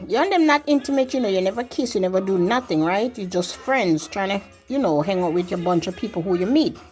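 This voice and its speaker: High-voiced woman telling a story. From grew up outside the country she now lives in. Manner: rambling, quotes herself and others in lively acted-out voices. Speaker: vlogger telling a personal story. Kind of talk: casual spoken storytelling.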